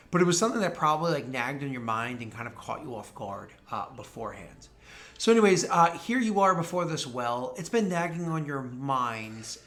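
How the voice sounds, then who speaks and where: Man from New England in his thirties, game master, slightly high voice, rambling narration. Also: fairly bright tone. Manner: loose, rambling storyteller full of "like" and "uh".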